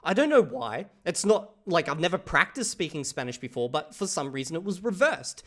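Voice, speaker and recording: A man's voice: fairly high pitch, sing-song, brisk, a bit bright. A man with an Australian accent reacting casually to a video, rambling with frequent restarts and swearing freely.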